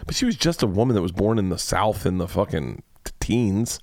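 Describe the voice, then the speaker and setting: A man's voice: deep voice, animated, darkish tone, no room sound, studio quality. A man hosting a comedy podcast, rambling through celebrity news with lots of swearing. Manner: profane, rambling, quick asides. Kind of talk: casual comedy podcast rant.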